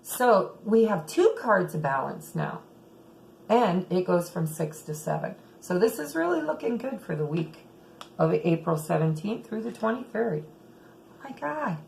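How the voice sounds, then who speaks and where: A middle-aged woman giving a chatty tarot reading, often checking in with "okay", her throat a little rough. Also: medium pitch, big pitch swings, unhurried, a little mellow, a little hiss or hum, low-quality recording. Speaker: tarot reader. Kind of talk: casual tarot reading monologue.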